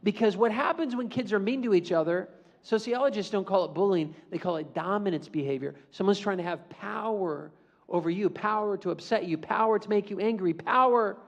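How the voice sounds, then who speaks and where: A middle-aged man, a motivational speaker, giving an animated school assembly talk and leading the audience in call-and-response. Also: sits high, a little fast, vocal fry, lo-fi sound.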